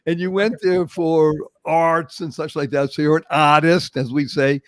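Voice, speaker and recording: Lively older Boston man hosting. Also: on the high side, measured pace, clean tone, dry recording. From Boston, Massachusetts. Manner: animated, emphatic storytelling. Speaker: show host. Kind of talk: motivational podcast interview.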